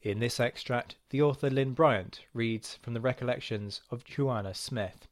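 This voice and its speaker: A man hosting a podcast and giving a measured, formal scripted introduction. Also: mid-range voice, no echo, clean studio sound. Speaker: podcast host.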